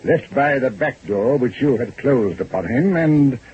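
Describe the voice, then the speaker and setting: An actor playing a stern, shrewd police inspector in a 1940s-style radio drama, probing and dryly sarcastic. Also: male voice, mid-range voice, expressive, measured pace, slightly rough. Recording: lo-fi old radio recording with faint hiss.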